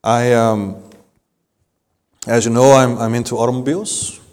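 Slow, emphatic preacher in a reverberant hall. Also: male voice, mid-range voice, steady tone, a little mellow. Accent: non-native English accent. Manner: emphatic preacher, slow deliberate phrasing with sudden rises. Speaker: pastor. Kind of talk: sermon.

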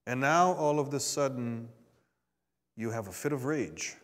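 A man preaching a sermon to a congregation. He swings between quiet asides and emphatic rises, and calls out for responses. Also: medium pitch, a little slow. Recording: long hall reverb.

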